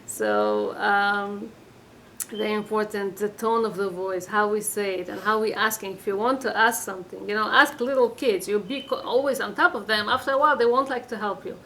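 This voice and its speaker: A woman's voice: fairly high pitch, fairly bright tone, slight background noise, poor audio. A woman giving an informal weekly religious class, earnest and advising, with many fillers and restarts.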